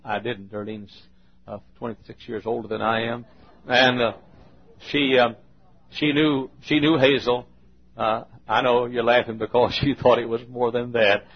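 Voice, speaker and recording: Older male preacher, husky, dull lo-fi sound; storytelling sermon that swings from hush to loud emphasis. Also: medium pitch.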